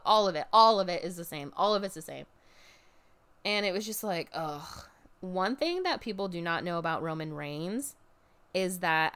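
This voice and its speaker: A woman's voice: medium pitch, fairly bright tone, clean tone. A woman telling a casual, profane story about a live event, full of fillers and acted-out quotes. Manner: chatty, profane, filler-heavy, acts out quotes. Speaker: podcast host recapping a wrestling event.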